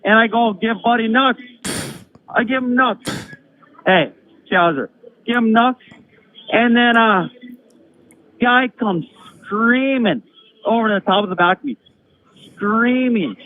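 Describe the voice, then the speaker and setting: A man calls in to a live chat, his high voice squeezed through a tinny phone line with faint hiss. He tells his story in an animated rush and swears freely. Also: slow, long pauses. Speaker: guest caller. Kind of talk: casual live-stream chat. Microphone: phone call.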